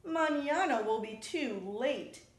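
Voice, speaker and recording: A woman's voice: high-pitched, lively intonation, slow pace, voice pushed up. A woman voicing a fussy, hard-working female iguana in a storybook reading, with a bossy, exasperated manner. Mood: insistent. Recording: echoey room.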